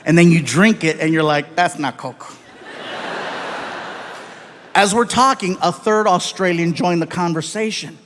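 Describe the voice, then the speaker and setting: A male stand-up comedian telling stories on stage in an animated way, putting on voices for the people in them. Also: high voice, moderate pace, hardly any pauses, slight background noise. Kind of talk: stand-up storytelling.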